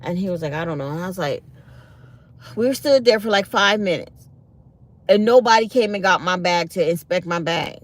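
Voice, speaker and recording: A woman's voice: fairly low pitch, expressive, moderate pace, pauses often. A middle-aged woman hosts her own channel and chats casually with her viewers. She tells a story with mounting exasperation and acts out every back-and-forth in the quoted voices. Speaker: channel host.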